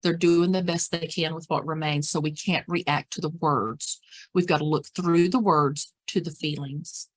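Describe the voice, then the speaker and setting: A woman's voice: low voice, steady tone, normal speed. A woman presenting a dementia care training, speaking practically and repeating words for emphasis. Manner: acts out example phrases and whispers.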